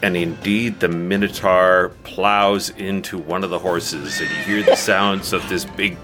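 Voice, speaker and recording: Low-voiced man running a tabletop game. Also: fairly even intonation, unhurried, over music. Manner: descriptive, laughs easily mid-narration. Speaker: dungeon master.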